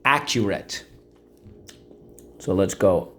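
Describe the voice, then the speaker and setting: A man's voice: fairly low pitch, measured pace. A male teacher giving a vocabulary and phonics lesson, encouraging and checking in often with the class. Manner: encouraging, checks in with frequent "okay?".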